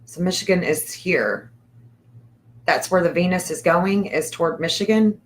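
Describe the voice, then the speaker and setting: A woman hosting a casual livestream, reading an astrology chart aloud and thinking out loud in a hesitant, repetitive way. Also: on the low side, moderate pace.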